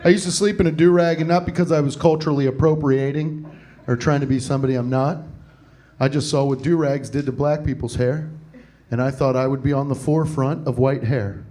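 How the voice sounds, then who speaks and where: A man's voice: medium pitch, steady tone, a little fast, dark tone. A young man in his twenties doing rambling, absurd, self-deprecating stand-up on a comedy club stage. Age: 20s. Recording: live club with audience laughter. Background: audience laughter.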